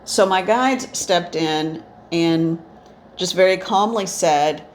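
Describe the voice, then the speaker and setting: A woman's voice: lowish voice, slow, slight background noise. A woman medium telling her experiences in a rambling, reflective way, with many restarts. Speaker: spiritual medium. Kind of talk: instructional storytelling. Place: indoors, eyes often closed while talking.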